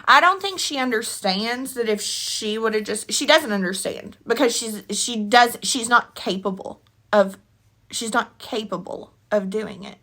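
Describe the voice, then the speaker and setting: A woman's voice: fairly high pitch, a little slow, pushed and bright. Heated, tearful woman ranting to camera. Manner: heated, blunt, rambling, with slangy asides. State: tearful, with a runny nose. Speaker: commentary vlogger. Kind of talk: emotional opinion rant to camera.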